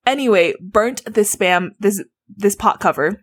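A woman guest telling childhood stories in a casual, animated, giggly way, full of "like" fillers. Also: mid-range voice, measured pace. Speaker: interview guest. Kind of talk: casual storytelling.

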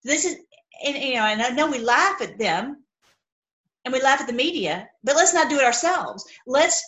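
A woman's voice: high voice, lively intonation, moderate pace, a bit bright, poor audio. A woman giving a casual, rambling Bible teaching, talking straight to her viewers and acting out the people she quotes.

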